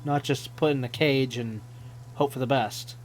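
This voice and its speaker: A man's voice: mid-range voice, fairly even intonation, moderate pace, slight background noise. A man commenting on a game playthrough, ranting with exasperation and mocking the characters. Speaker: gaming channel host. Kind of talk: let's play commentary.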